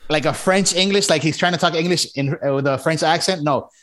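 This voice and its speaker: A man co-hosting a casual movie review podcast, talking in a drawn-out, exasperated way. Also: fairly high pitch, a bit bright. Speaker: podcast co-host.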